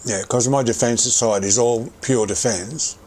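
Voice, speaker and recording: A man's voice: mid-range voice, fairly even intonation, measured pace, darkish tone. A middle-aged man streaming a game, rambling casually about his gear and occasionally swearing. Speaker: gaming livestreamer. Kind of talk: casual gameplay commentary.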